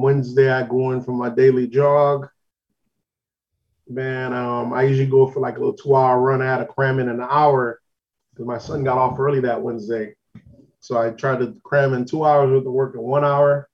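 A man's voice: medium pitch, muffled recording. A man co-hosting a podcast, telling a long story in casual slang, still getting over an illness. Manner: laid-back storytelling with slang. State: recovering from illness, lingering symptoms. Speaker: podcast co-host.

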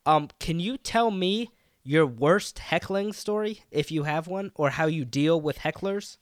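A man's voice: a little high, unhurried, no echo. Laughing male podcast host, dry sound. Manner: friendly, laughs often, short acknowledgements. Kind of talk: casual interview.

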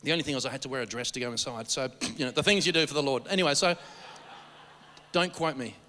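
A man preaching and telling stories, rambling and animated, often stammering and restarting his sentences. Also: mid-range voice, fast, slight background noise. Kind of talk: sermon storytelling. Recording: long hall reverb.

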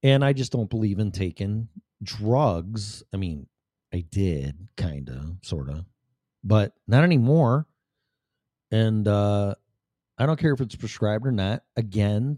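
A man's voice: on the low side, warm tone, no echo, clean studio sound. A middle-aged man talking candidly to the camera in a blunt, rambling, profane way. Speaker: vlogger. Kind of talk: candid personal monologue.

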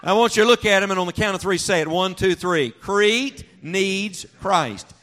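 Speaking fast, a male pastor gives a sermon to his congregation in the church sanctuary. He relies on rhetorical questions and call-and-response, alternating between loud emphasis and quiet, low reflection.

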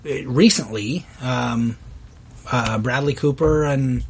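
A man's voice: medium pitch, takes it slowly, husky. A man in casual chat, listening closely and chiming in with short affirmations.

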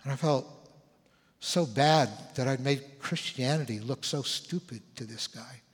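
Older pastor telling a story in a reverberant hall. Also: male voice, mid-range voice, measured pace, breathy edge. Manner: conversational, animated storytelling with acted-out quotes. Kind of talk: sermon storytelling. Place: church sanctuary. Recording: long church hall reverb.

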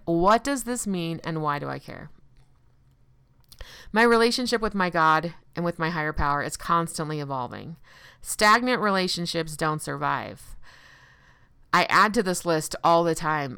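A woman's voice: lowish voice, a bit bright, clean tone, no room sound. A woman speaking in an earnest, reflective monologue about faith and recovery, asking rhetorical questions and quoting common sayings with sarcasm.

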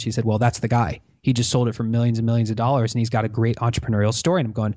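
A man's voice: mid-range voice, racing, few pauses, dry recording. A man telling a story in a podcast interview, acting out the lines of the people in it. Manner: animated storyteller acting out quoted dialogue. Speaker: podcast guest. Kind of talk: conversational storytelling.

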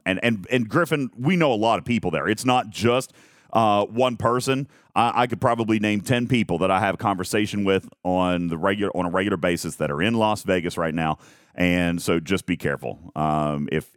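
A man hosting a live stream, talking in a rambling, self-mocking way with lots of halting restarts. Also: sits low, clear, resonant tone, dry recording, studio quality. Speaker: host of a live game talk stream. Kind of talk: casual live-stream chat.

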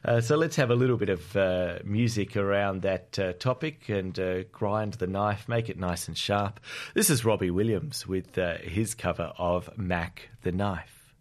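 An Australian man presents a science show on community radio, his voice sitting fairly low. He talks in a loose, friendly way, often pausing on filler words as he explains the news. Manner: relaxed, chatty, many "uh" fillers.

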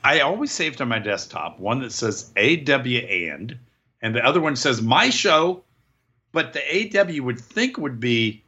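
A man's voice: mid-range voice, big pitch swings, moderate pace, hardly any pauses, bright, forceful tone, breathy edge, highs cut off. A man co-hosting a casual wrestling podcast, joking sarcastically and reading listener emails aloud. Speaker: podcast co-host.

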